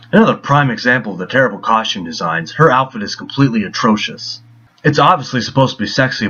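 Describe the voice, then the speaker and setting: A man's voice: on the low side, sharp tone, slightly rough. A man reading a scripted film review in a sarcastic, mocking tone. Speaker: movie reviewer. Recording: dull lo-fi voice.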